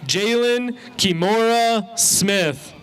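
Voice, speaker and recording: A man's voice: high-pitched, drawn-out words, faint music behind. A man announcing graduates' names at an outdoor graduation ceremony, pronouncing each one carefully. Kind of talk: slow, deliberate name reading.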